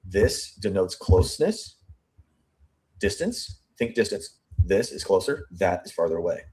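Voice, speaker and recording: A man with a somewhat low voice talks through a witness statement piece by piece on his true crime show. He thinks out loud, repeats words while searching for the right one, and reads quoted lines back slowly before rushing through his comments. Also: big pitch swings. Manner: thinking aloud, repeats and restarts phrases, pace shifting between slow and rushed. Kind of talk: statement analysis commentary, reading quotes aloud.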